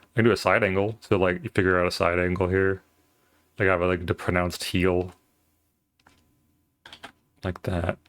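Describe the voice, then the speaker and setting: A man's voice: deep voice, level tone, moderate pace, long pauses, a bit bright. A man streaming while he draws, chatting casually in a rambling, playful way with lots of fillers.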